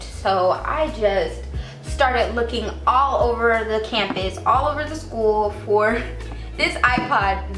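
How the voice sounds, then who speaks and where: A woman's voice: fairly high pitch, a bit bright. A young adult woman telling a casual storytime, chatty and repetitive, leaning on "like" as a filler. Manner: chatty, repeats herself, fills with "like". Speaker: vlogger. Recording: roomy echo, faint background music.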